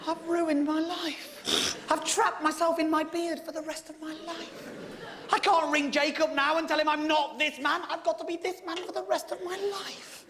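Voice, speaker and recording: A male stand-up comedian telling a story with animated delivery and cheerful swearing. His voice sits high and sounds bright and forceful, and a faint hiss of noise runs underneath it. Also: normal speed, big-room sound. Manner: animated, swears, sometimes shouts.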